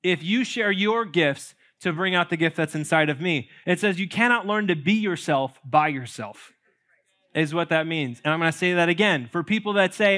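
A pastor preaching a sermon in a church, conversational and playful, with jokes and asides to the congregation. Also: male voice, on the high side, normal speed, sharp tone. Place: church sanctuary.

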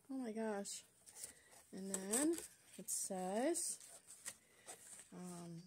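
A woman's voice: medium pitch, lively intonation, extremely slow, pauses often, mellow, slightly rough. A woman hosting a craft channel, chatting casually and gushing as she unboxes craft supplies. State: out of breath. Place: at a table at home.

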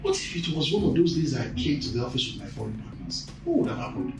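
A stern boss. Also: male voice, medium pitch, wildly swooping pitch, quick pace, reverberant, far from the mic, over music, poor audio. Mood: angry. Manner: menacing, sarcastic. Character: stern middle-aged company boss.

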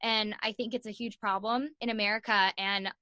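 A young woman telling a story as a podcast guest, animated, acting out the voices of the people in it and saying "like" a lot. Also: medium pitch, moderate pace, no echo, muffled recording. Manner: animated, acts out voices in her stories, says "like" a lot. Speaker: guest, sports journalist and podcaster. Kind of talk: casual storytelling in an interview.

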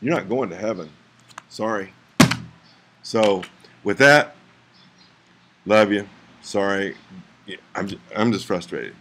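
A man's voice: lowish voice, slow pace, long pauses, a bit bright, a little hiss or hum. A man in a frustrated, preachy rant to his viewers, firing rhetorical questions and urging them to act. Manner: trails off into mutters, then rises to urgent pleas. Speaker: vlogger.

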